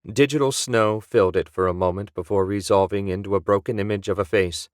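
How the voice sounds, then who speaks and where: A man narrating an audiobook in a steady, even storytelling manner. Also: fairly low pitch, fairly quick, no room sound, clean studio sound. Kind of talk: scripted narration.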